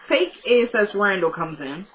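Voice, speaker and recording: A woman's voice: mid-range voice, very animated, moderate pace. A tired woman recapping a TV episode in casual chat, joking and playful with her viewers.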